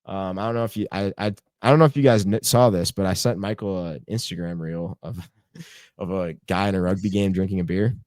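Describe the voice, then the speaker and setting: A man's voice: low-pitched, a little fast, a little mellow, no echo. A young man co-hosting a casual sports podcast, rambling with lots of fillers and swearing. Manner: rambling, filler-heavy, profane banter. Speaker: podcast co-host.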